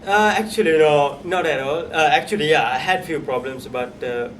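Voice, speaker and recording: A man's voice: a little high, moderate pace, fairly bright tone. Hesitant man, distant and noisy. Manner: hesitant, many uhs, laughs often. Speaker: interviewee, international worker. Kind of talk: casual interview answers.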